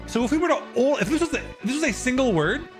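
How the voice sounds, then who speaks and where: A man's voice: very high voice, lively intonation, quick pace, soft background music. A young man streaming live, casually explaining a topic and answering his viewers' chat.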